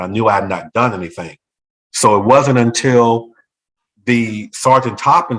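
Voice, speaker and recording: Guy telling his story at a talk table, animated, does the voices of the people he quotes. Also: mid-range voice, rough recording. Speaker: former school principal. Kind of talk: storytelling in a talk show conversation.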